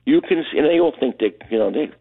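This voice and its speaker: An older man from Brooklyn, calling in to a radio show and telling a rambling, animated story. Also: medium pitch, fast talker, husky. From Brooklyn, New York. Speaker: caller. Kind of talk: phone-in storytelling. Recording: tinny phone line.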